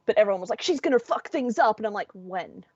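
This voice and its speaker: A woman's voice: fairly high pitch, racing, slightly rough, no room sound, lo-fi sound. An Australian woman co-hosting a podcast, chatting casually and acting out voices in her stories. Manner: animated storyteller, acts out voices. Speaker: podcast co-host. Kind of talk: casual chat.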